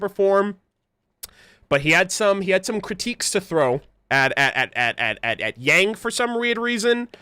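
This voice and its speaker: Man, livestream host, excitable casual commentary, high voice, smooth and clear, laughs and swears a lot. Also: dry recording, clean studio sound. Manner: excitable, laughing, swearing freely, chatty with viewers. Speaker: livestream host reacting to an animated series.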